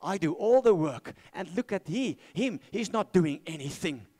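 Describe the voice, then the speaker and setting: A man's voice: high voice, lively intonation, moderate pace, a little mellow, pitched above the performer's own voice. A man voicing a resentful, put-upon woman who complains while preaching a sermon. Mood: aggrieved complaining. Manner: whiny, resentful.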